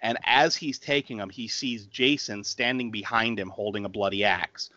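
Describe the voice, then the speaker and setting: Speaking at a normal speed, this man has a lowish, steady voice that comes across bright and forceful. He's a podcast co-host in his thirties, chatting casually through a movie recap scene by scene, laughing and voicing the characters' lines. There's no room sound, and the highs are cut off.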